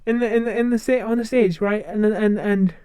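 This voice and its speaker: Streamer, not a native English speaker, casual chat; clear, smooth mid-pitched voice; loose and repetitive delivery. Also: fairly quick, a little mellow, no room sound. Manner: rambling, chatty, repeats words and restarts.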